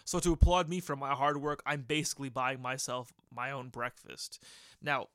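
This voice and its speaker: A man's voice: mid-range voice, level tone, normal speed, sharp tone, no room sound, clean studio sound. A man of thirty chatting casually as a podcast host, rambling and swearing as he tells a work story. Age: 30s. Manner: rambling, profane, self-correcting. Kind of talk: casual chat.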